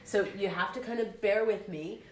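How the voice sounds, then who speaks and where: A woman's voice: medium pitch, moderate pace. A woman with a cold hosting a casual live crafting stream, flustered and chatty as she talks to viewers. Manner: flustered, chatty, moves away from the camera. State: sick with a cold. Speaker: crafting livestream host.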